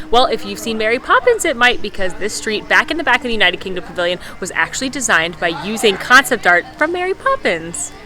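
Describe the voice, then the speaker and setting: A woman hosting a casual walking-tour vlog outdoors at a theme park, chatty and upbeat, joking and correcting herself as she goes. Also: fairly high pitch. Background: music.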